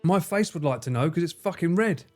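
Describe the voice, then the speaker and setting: A man's voice: on the high side, animated, fairly quick, darkish tone, soft background music. A man hosting a casual livestream, reading viewer messages with lots of swearing and self-mocking jokes. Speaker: livestream host.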